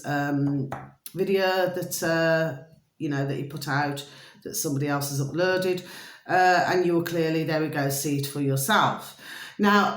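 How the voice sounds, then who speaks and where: A woman's voice: fairly low pitch, roomy sound. A woman with a Birmingham accent chatting casually to her viewers, rambling with lots of fillers and pet names. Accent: Birmingham English. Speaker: vlogger. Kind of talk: casual talk to camera.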